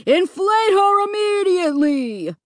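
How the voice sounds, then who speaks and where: A woman voicing a menacing inflatable park monster who shouts commands and threats. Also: extremely high pitch, very animated, unhurried, dry recording, studio quality, voice pushed up, full character voice.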